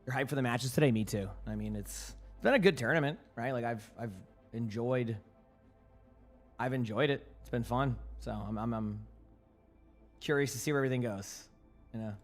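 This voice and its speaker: A young man, slightly hoarse from a stretch of commentating, chats loosely with viewers over a streaming mic at his desk. His voice sits at an ordinary middle pitch, and he answers chat questions in a relaxed, rambling way. Faint music plays underneath. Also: normal speed. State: yawning, sleepy.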